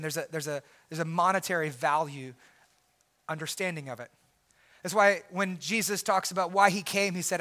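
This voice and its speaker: A male pastor preaching a sermon in an earnest way, swinging from quiet, low lines up to shouted emphasis and often repeating words as he goes.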